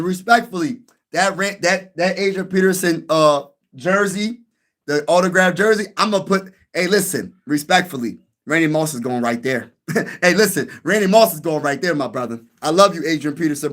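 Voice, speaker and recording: A man with a somewhat high voice hosts a sports live stream and talks loosely with the chat. His delivery is animated and casual, and he repeats phrases as he goes. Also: normal speed. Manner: animated, repeats himself, addresses chat directly.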